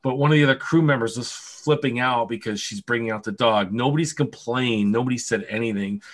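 A man on a casual podcast, telling animated anecdotes full of swearing and laughter. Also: medium pitch, brisk. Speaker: podcast co-host. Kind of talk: casual storytelling chat.

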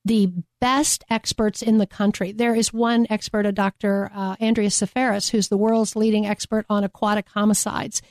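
Woman guest, emphatic advocate, higher voice, dry studio sound. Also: a little mellow, no echo. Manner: passionate, emphatic, repeats key phrases. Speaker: guest from a domestic violence agency. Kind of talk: earnest radio interview talk.

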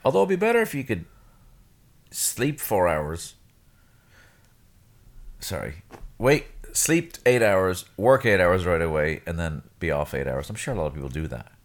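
Deep-voiced man, faint Irish accent. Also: big pitch swings, normal speed, long pauses. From Ireland. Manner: rambling, self-correcting. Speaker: podcast co-host. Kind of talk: casual chat. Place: bedroom at home.

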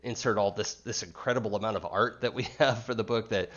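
Low-voiced chatty man, dull sound. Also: fairly quick. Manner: relaxed, chatty, laughs often, many restarts. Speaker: game designer guest. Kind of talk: casual interview.

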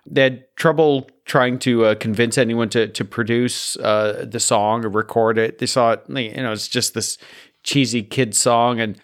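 Wry man with a mid-pitched voice. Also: steady tone, a little slow. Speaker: podcast co-host. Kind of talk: casual chat.

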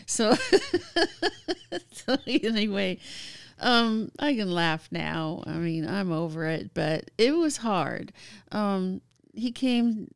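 A woman recounts her own story in easy conversation, often stopping on fillers and laughing between phrases. Her voice is smooth and clear, and the recording is dry and close. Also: medium pitch, sing-song, extremely slow, pauses often, no echo. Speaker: guest. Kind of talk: casual storytelling.

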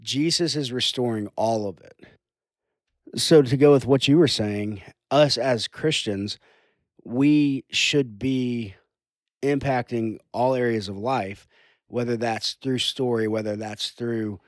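A man's voice: mid-range voice, takes it slowly, no room sound. A man, a youth pastor, talking in an earnest conversation that drifts into preaching. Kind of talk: casual conversation.

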